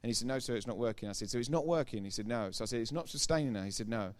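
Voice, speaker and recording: A man giving a sermon testimony as a preacher, retelling conversations line by line and growing loud and emphatic when he preaches. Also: medium pitch, animated, racing. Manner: retells dialogue with repeated "I said, he said".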